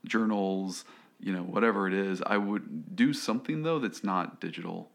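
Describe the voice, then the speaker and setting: A man giving casual advice in conversation, halting and filling his talk with "you know" and "right?". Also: sits low, creaky.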